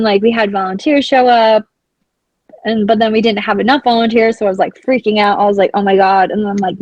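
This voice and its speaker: A young adult woman telling a story as a podcast guest, rambling and excitable, with "like" filling nearly every phrase. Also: medium pitch, no echo, rough recording. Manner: excitable, acts out her own past panic. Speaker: blind hockey program founder, guest. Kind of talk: casual storytelling in an interview.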